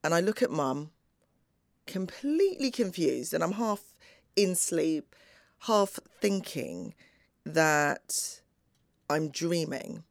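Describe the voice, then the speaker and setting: A middle-aged woman telling a personal story in a slow, deliberate, dramatic way, with long pauses. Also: low voice, sing-song, creaky, dry recording, studio quality.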